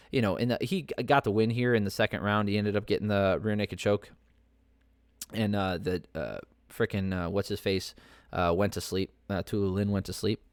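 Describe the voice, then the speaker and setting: A man's voice: on the low side, no room sound, clean studio sound. A man hosting a podcast, giving casual, opinionated fight commentary that rambles with many fillers and restarts. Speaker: podcast host.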